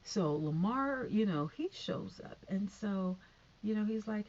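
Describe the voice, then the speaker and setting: A woman's voice: mid-range voice, animated, moderate pace, darkish tone, dull audio, slight background noise. Rambling woman recapping a TV episode. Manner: rambling, many fillers and tangents.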